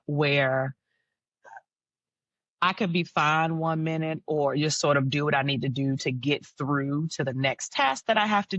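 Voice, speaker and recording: A woman with a low-pitched voice, a mental health counselor, shares candid, reflective personal stories as a podcast guest, often with a soft laugh. The audio is lo-fi without any echo.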